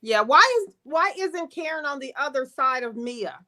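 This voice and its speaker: Woman co-host, casual chat, high and bright voice, animated. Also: normal speed. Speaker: podcast co-host.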